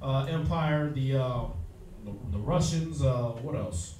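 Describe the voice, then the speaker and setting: A man's voice: mid-range voice, slow pace, a little mellow. A man teaching a Bible class, lecturing emphatically with lots of fillers and restarts. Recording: echoey room, mic far off.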